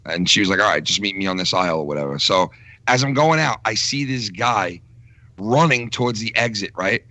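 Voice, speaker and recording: A man's voice: fairly low pitch, lively intonation, a little fast, bright, forceful tone, no room sound. A man from New York telling a rambling, profane story in casual chat on a podcast. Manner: profane, rambling, laughs through stories. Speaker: podcast co-host.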